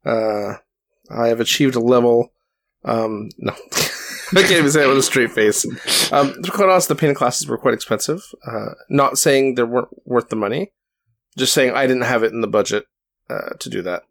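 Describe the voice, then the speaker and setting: A man co-hosting a relaxed hobby chat, rambling and self-deprecating, with lots of restarts. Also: medium pitch, a little fast, gravelly. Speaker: podcast co-host. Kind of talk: casual chat.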